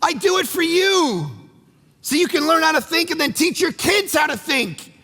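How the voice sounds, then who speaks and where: A man, a pastor, preaching a sermon with energetic, conversational storytelling in a church auditorium. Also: very high-pitched, moderate pace, vocal fry. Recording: echoey church hall.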